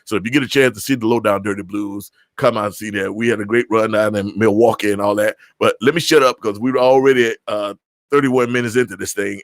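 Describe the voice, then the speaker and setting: Chatty low-voiced man hosting a livestream. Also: quick pace, dry recording, clean studio sound. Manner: rambling, chatty, self-interrupting. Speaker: host.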